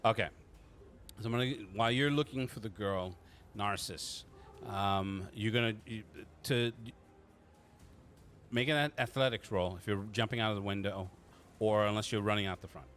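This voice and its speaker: A man acting as game master in a casual tabletop session, teasing his players and rambling through restarts. His voice sits fairly low, with a bright, forceful edge. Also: moderate pace.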